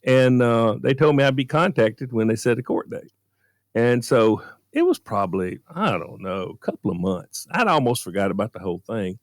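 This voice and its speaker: A man's voice: mid-range voice, normal speed, dry recording, clean studio sound. A man telling a story in a casual radio podcast chat and acting out the voices of the people in it. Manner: animated storyteller, acts out quoted voices. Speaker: guest storyteller, former beer truck driver.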